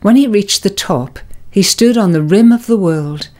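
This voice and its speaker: A woman giving a scripted spiritual reflection, telling a story and drawing its lesson in a calm, measured way. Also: medium pitch. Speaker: devotional presenter.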